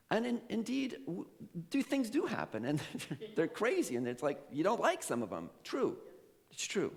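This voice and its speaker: A man's voice: high-pitched, vocal fry, big-room sound. A male pastor preaching a sermon, telling a story with laughs and quoted voices. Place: church sanctuary.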